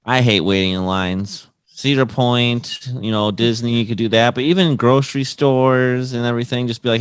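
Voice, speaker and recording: A man's voice: mid-range voice, fairly even intonation, normal speed, few pauses, clear, resonant tone, dry recording. A man co-hosting a comedy podcast, chatting casually and reasoning his answers out at length. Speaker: podcast co-host. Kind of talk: casual banter.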